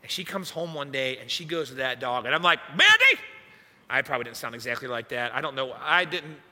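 A young man, a youth pastor, telling a funny personal story in a sermon with animated, self-mocking delivery. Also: mid-range voice, fast. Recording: echoey hall reverb.

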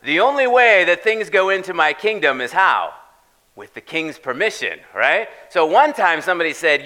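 A man preaching a sermon as pastor, animated and checking in with the congregation with repeated "right?". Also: fairly high pitch, normal speed, poor audio. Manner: animated, tags lines with "right?".

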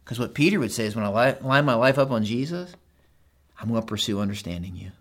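A middle-aged pastor preaching a sermon, talking straight to the men in the congregation and swinging between loud urging and hushed asides. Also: male voice, mid-range voice, animated, fast. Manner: talks straight to the men in the crowd.

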